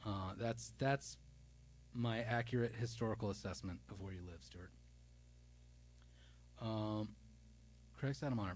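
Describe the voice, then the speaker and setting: A man's voice: lowish voice, measured pace, long pauses, slight background noise. A man hosting a casual music live stream, chatting loosely and playfully as he reads out viewer comments. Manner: rambling and playful, reading viewer comments aloud; loose and self-deprecating, with many restarts.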